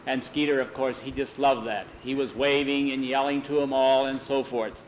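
A man telling a sports story in a folksy, animated way, with many "he said"s. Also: mid-range voice, normal speed, a little hiss or hum, rough recording. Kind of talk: told story narration.

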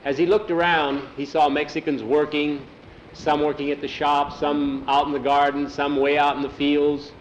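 A man's voice: on the high side, level tone, moderate pace, a little hiss or hum. A man telling an adventure story aloud, often repeating "he says" between lines. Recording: dull lo-fi recording.

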